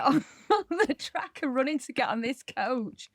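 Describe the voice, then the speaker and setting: A woman in her forties chats with her co-host on a podcast. She tells stories in an animated way and laughs often. Her voice sits fairly high, with dry, close sound. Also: moderate pace, no room sound. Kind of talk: casual chat.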